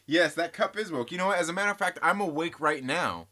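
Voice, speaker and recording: A man's voice: fairly high pitch, fast talker, pushed and bright. A man hosting a comic book channel, chatting casually and rambling, joking and teasing and addressing viewers as guys. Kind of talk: casual rambling vlog chat.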